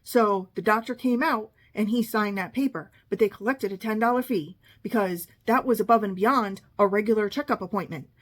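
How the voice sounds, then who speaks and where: A middle-aged woman spins a long story from her own life, dry and sarcastic, with an exasperated edge as she quotes the people involved. Her voice sits in an ordinary middle pitch. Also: normal speed, hardly any pauses. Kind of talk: casual storytelling monologue.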